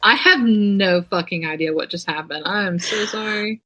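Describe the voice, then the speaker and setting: A young woman co-hosting a podcast in casual chat, animated and swearing freely. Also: medium pitch, low-quality recording. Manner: animated and profane, quick bursts of excitement. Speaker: podcast co-host.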